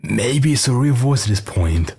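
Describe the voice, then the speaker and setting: A hoarse British man co-hosting reaction commentary, blunt and casual with many fillers. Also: medium pitch, lively intonation, normal speed, a little mellow. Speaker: co-host.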